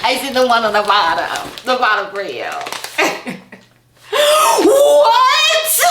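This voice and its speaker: A woman vlogging a casual book unboxing, gushing and excitable. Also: mid-range voice, moderate pace. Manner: gushing, excitable, laughs and gasps often. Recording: echoey room with faint noise.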